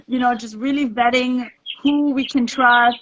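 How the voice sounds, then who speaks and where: A woman's voice: fairly high pitch, a little slow. Woman investor, lo-fi call. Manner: relaxed, explanatory, uses "right?" as a tag. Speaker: real estate investor guest. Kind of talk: casual podcast interview.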